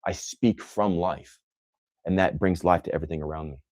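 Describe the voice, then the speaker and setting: A man's voice: low voice, normal speed, darkish tone, no room sound. A man hosting a motivational livestream, speaking intensely and emphatically, often repeating phrases for effect. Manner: scornful toward critics. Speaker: host answering live comments.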